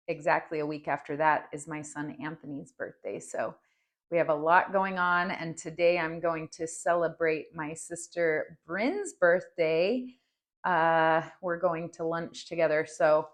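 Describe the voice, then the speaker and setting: A woman in her forties hosts a reflective personal podcast. Her voice sits a little low, and she talks slowly and earnestly. She shares her thoughts with a heartfelt openness. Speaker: podcast host.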